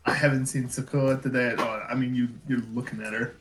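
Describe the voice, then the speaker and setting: A man's voice: mid-range voice, steady tone, quick pace, a bit bright, slight background noise, lightly acted, poor audio. A man voicing a haughty, cold young woman in an amateur game reading, speaking curtly and with disdain. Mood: cold, dismissive. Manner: curt, disdainful.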